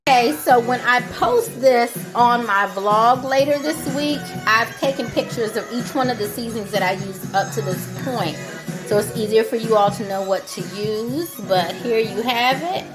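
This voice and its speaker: Chatty woman showing how she cooks. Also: mid-range voice. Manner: chatty step-by-step explaining. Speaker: home cook vlogger. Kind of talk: cooking demonstration.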